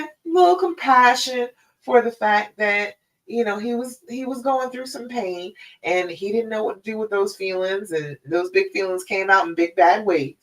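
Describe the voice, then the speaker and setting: A woman's voice: lowish voice, distant mic, low-quality recording. A woman hosting a live stream as a relationship coach, talking in a casual, conversational way and often checking in with "all right?".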